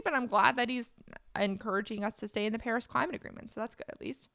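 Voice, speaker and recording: Casual, wry woman streamer, higher pitch, dry close sound; reads aloud and laughs easily. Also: steady tone, quick pace, fairly bright tone, no echo. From California. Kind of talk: live stream commentary, reading aloud.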